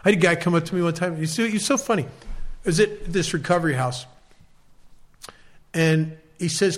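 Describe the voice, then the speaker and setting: A man's voice: on the high side, expressive, moderate pace, pauses often. Wry American man sharing his recovery story. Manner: wry, self-deprecating storyteller. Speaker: speaker at a recovery meeting. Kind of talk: personal recovery talk.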